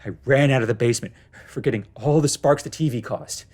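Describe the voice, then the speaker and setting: A man's voice: mid-range voice, brisk, a little mellow. A man narrating his own first-person horror story in a tense, dramatic way.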